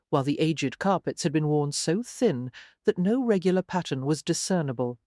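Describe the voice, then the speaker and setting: An audiobook narrator reading a romance novel in a measured, even way. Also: medium pitch, no room sound, studio quality. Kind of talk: scripted narration.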